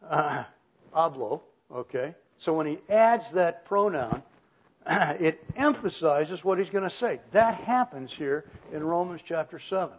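An older man preaching a sermon in a folksy way, chuckling and often clearing his throat. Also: a little high, expressive, unhurried, slight background noise. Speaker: pastor. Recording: muffled lo-fi recording.

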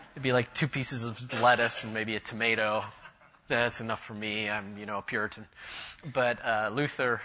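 A man's voice: fairly low pitch, flat delivery, moderate pace, sharp tone, dull audio. A man giving a church history lecture at a conference, enthusiastic and jokey, wandering off on asides. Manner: humorous, digressive, enthusiastic.

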